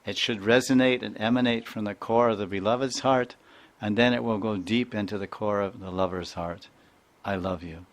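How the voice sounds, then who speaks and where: Low-voiced man giving a devotional lecture. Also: a little fast. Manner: animated, playful, mimics sounds and voices, chuckles often; chants Sanskrit verses. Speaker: spiritual teacher.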